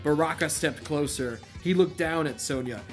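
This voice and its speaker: Faint music runs beneath this man's fairly high voice as he hosts a comedic read-through of a novel at a moderate pace. The channel host keeps interrupting the reading with wry asides.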